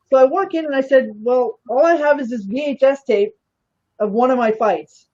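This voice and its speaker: A woman's voice: a little high, normal speed, darkish tone, highs cut off. A woman guest telling a story in casual talk, animatedly acting out the voices of the people she quotes.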